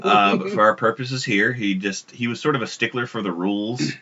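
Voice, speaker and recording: A man's voice: mid-range voice, brisk, pushed and bright. A man co-hosting a casual podcast, telling a long story in a rambling way with frequent restarts. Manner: rambling, self-interrupting storyteller. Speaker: podcast co-host. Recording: dull lo-fi podcast audio.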